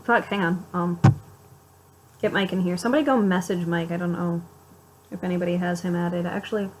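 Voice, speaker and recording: A woman's voice: on the low side, steady tone, brisk, a little mellow, a little hiss or hum, rough recording. A young woman talking straight to her viewers in a confessional vlog, raw and emotional, swearing a lot, repeating herself and breaking off mid-sentence. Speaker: vlogger.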